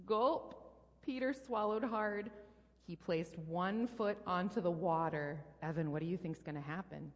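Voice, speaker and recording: Female pastor, animated kids' story reading, long hall echo. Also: medium pitch, a little slow. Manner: animated, playful sound effects for a child. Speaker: pastor leading a children's message. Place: church sanctuary. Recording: long reverb in a large hall.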